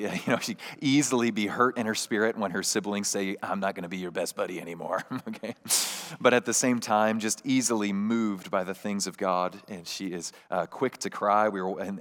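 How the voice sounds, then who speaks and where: A man in his thirties preaching a sermon as pastor, talking in an earnest, conversational way with many restarts and little asides to the congregation. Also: on the low side. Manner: laughs warmly while telling stories.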